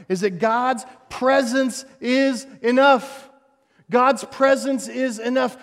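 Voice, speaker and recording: A male pastor preaching a sermon on stage, animated and jokey, swinging between loud emphasis and hushed tones. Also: very high-pitched, long reverb tail. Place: church stage before a congregation.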